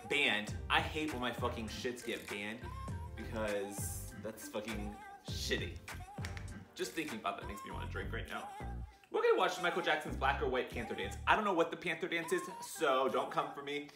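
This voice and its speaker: A man hosting a music video reaction vlog, talking in a profane, flamboyant and excitable way. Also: medium pitch, normal speed. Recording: roomy echo with music playing.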